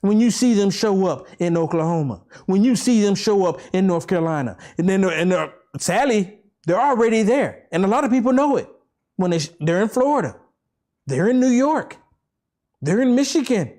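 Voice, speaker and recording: A man giving an impassioned political rant to camera, repeating himself and firing off rhetorical questions, swinging between fervent near-shouting and low, slow preaching. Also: expressive. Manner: repetitive, rambling, with urgent rhetorical questions. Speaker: political vlogger.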